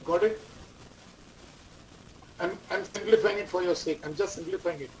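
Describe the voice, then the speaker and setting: At a moderate pace and with a high-pitched voice, a male management lecturer repeats key terms, quizzes the class, and dictates instructions. The recording comes from a distant mic and carries faint room noise.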